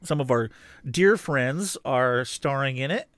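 A man's voice: medium pitch, animated, measured pace, a bit bright, dry recording, clean studio sound. A man co-hosting a casual podcast with his wife. He chats playfully, hums little tunes and often trails off mid-sentence. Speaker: podcast co-host. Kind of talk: casual chat.

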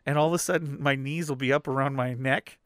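A man's voice: medium pitch, steady tone, quick pace, fairly bright tone, no echo. Playful teasing man on a dry close mic. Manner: teasing, playful, drops into jokey voices. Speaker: podcast co-host. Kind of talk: casual chat.

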